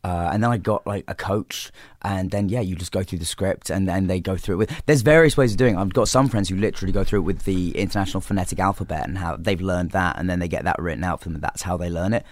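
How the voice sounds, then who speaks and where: Man, English accent, twenties, low voice, rambling guest chat, dry close sound. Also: fast talker, dry recording. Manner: rambling, many restarts and fillers. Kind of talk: casual interview chat. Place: studio.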